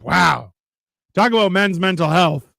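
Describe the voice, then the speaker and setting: A man's voice: high voice, expressive, unhurried, creaky, bright, forceful tone, no room sound, clean studio sound. A man hosting a live stream, bantering casually and mocking others with frequent swearing. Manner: joking, mocking, swears a lot.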